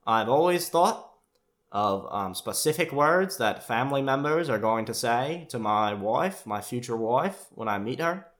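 A man's voice: medium pitch, animated, a bit bright. Man doing a stiff, formal young man. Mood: earnest. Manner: slow, precise, oddly formal.

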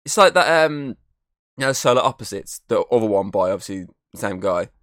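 A man's voice: on the low side, animated, a little fast, a bit bright, no echo, clean studio sound. A man co-hosting a podcast, talking in a loose, rambling way that is full of fillers and swearing. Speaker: podcast co-host. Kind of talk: casual chat.

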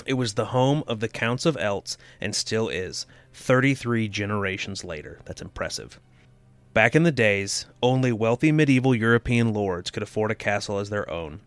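A man's voice: fairly low pitch, normal speed, smooth, no echo. A man co-hosting a casual podcast, joking and chatting loosely, breaking into silly put-on voices now and then. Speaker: podcast co-host. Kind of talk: casual chat.

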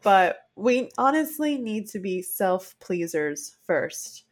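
A woman's voice: medium pitch, slow pace. A woman co-hosting a casual chat podcast, talking earnestly and acting out quoted lines as she tells stories. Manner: earnest, animated storytelling with acted-out quotes. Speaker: podcast co-host.

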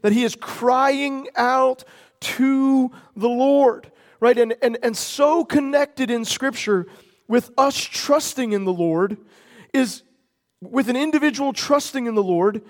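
Very high-voiced preacher in a reverberant hall. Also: male voice. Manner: earnest, stretches key words slowly for emphasis. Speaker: pastor. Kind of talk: sermon.

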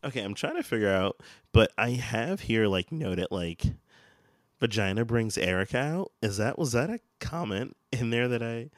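A man's voice: medium pitch, big pitch swings, normal speed, dry recording, clean studio sound. A man co-hosting a podcast, chatting casually about a TV episode, often hesitating and trailing off. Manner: hesitant, trails off, fillers and restarts. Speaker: podcast co-host. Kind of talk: casual TV episode recap chat.

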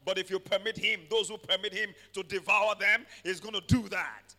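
A man preaching a sermon, swinging from quiet passages to shouted declarations and calling for amens. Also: high-pitched, fairly even intonation, moderate pace, long reverb tail. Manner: calls for amens from the congregation. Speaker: pastor.

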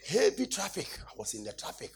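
Male preacher, high and lively delivery, dramatic storyteller, exclaims often. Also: fairly quick, creaky. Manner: laughing, exclaiming, dramatic retelling. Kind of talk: animated sermon storytelling.

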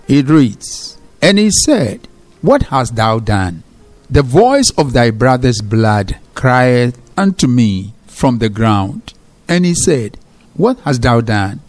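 A man preaching a sermon as pastor. He repeats key phrases for emphasis and slows down when he reads scripture. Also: mid-range voice, a little mellow.

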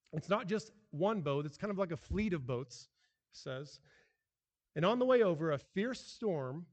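A man preaching a sermon as pastor, animated and emphatic, with frequent restarts. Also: high voice, long reverb tail.

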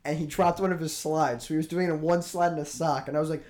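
A young man chatting casually on a podcast, reacting fast and laughing easily. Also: fairly high pitch, steady tone, darkish tone. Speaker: podcast co-host. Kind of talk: casual chat.

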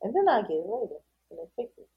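A woman co-hosting a podcast in casual chat, animated, laughing often and swearing freely. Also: mid-range voice, racing, gravelly, highs cut off. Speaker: podcast co-host.

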